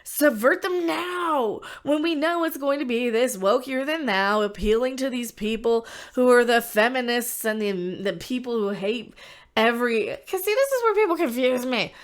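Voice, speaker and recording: A woman's voice: on the high side, lively intonation, normal speed, smooth. A woman hosting a commentary vlog, ranting in a sarcastic, theatrical way. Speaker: commentary channel host. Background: background music.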